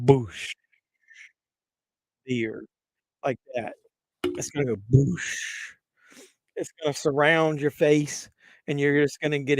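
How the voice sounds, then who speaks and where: Male stream host, raunchy banter, laughs at his own gags, a bit high-pitched, dry room. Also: no room sound. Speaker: livestream host. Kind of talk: crude joking chat with live viewers.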